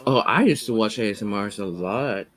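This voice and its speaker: A man's voice: fairly low pitch, moderate pace, fairly bright tone. A man as a podcast guest in casual chat, hesitant and full of fillers.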